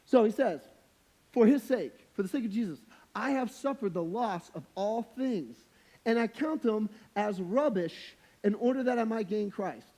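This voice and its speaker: A man's voice: high voice, animated, normal speed, darkish tone. A young adult man preaching a sermon as a pastor, in a casual, slangy, conversational way with humorous, emphatic points.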